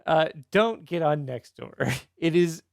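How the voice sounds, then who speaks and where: Male podcast host, gravelly raised voice, rambling anecdote style. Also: a little high, lively intonation, slow pace, a little mellow, dry recording, studio quality. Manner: rambling storyteller, heavy use of "like". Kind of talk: casual podcast chat.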